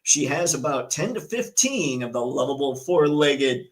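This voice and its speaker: A man hosting a casual live stream, chatty and excitable, reading viewer comments and news aloud. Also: medium pitch, moderate pace, poor audio. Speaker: livestream host.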